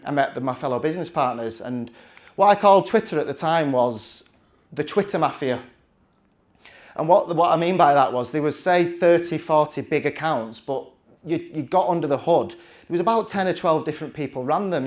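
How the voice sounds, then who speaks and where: A man, telling a chatty, self-mocking story from the stage with plenty of restarts. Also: medium pitch. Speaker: conference speaker.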